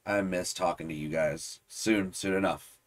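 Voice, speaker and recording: A man's voice: deep voice, fairly even intonation, measured pace. A man co-hosting a music video reaction, chatting in an easygoing way and greeting viewers. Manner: easygoing, warm, thanks viewers.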